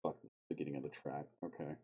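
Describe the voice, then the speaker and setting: A man's voice: extremely low pitch, level tone, quick pace, mellow, slightly rough. A man streaming live, talking to himself as he edits a video, swearing often and breaking into sudden outbursts. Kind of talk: casual self-talk while video editing on stream.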